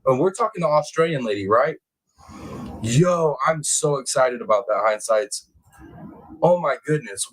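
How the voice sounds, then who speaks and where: A man hosting a casual true crime livestream, reading chat comments aloud and bursting into excited, high-pitched exclamations. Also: normal speed, husky, low-quality recording. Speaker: livestream host.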